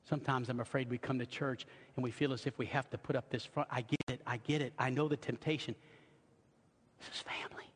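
A male pastor delivering an impassioned sermon in a church, moving between loud exhortation and quiet, intimate passages. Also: medium pitch, steady tone, quick pace, breathy edge. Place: church sanctuary. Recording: long hall reverb.

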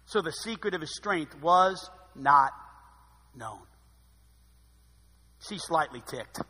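A high, bright-voiced man preaches a sermon, swinging from hushed asides to loud, dramatic emphasis. His voice rings out with a long reverb in a large hall. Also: lively intonation, slow pace, long pauses, breathy edge.

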